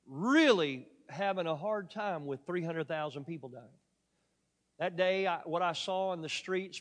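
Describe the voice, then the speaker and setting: A man preaching a sermon, telling a story dramatically and swinging from loud emphatic peaks to quiet asides. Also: a little high, big-room sound.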